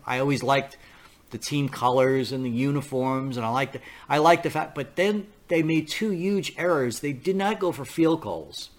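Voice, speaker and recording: A man hosting a talk podcast in a casual, rambling monologue, often restarting his sentences. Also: fairly high pitch. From New York area. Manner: rambling, repeats himself, acts out quoted voices. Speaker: podcast host.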